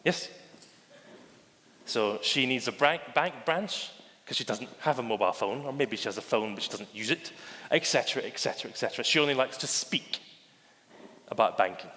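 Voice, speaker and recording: A man delivers a conference keynote in a theatrical storytelling style, often calling out to the audience and acting out the voices in his anecdotes. His voice sits at a middle pitch, and a long hall reverb trails every word. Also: expressive, normal speed. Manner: theatrical, addresses audience as ladies and gentlemen; acts out anecdotes with quoted voices. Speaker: conference speaker, bank digital chief. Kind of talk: keynote presentation. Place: conference stage.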